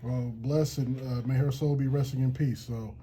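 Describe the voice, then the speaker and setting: A man interviewing a guest in casual radio talk, animated and full of slang and swearing. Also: mid-range voice, normal speed, slightly rough.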